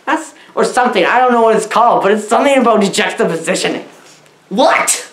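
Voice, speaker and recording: A woman giving a comedic movie review, chatty and mock-naive, full of "like"s, in deadpan comedy style. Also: medium pitch, fast talker. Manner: mock-naive, chatty, many "like"s, lively swooping delivery. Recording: echoey room.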